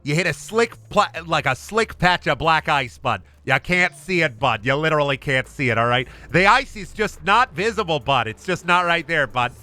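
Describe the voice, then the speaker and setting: A man's voice: fairly high pitch, animated, moderate pace, hardly any pauses, sharp tone. A man doing a chipper Minnesotan possessed man. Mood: folksy. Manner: relentlessly pleasant, says bud constantly.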